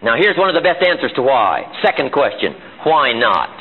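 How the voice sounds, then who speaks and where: A man's voice: mid-range voice, sing-song, normal speed, slightly rough. A man giving a live motivational seminar in a meeting room. He is emphatic and fires off rhetorical questions. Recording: tinny lo-fi archival seminar tape.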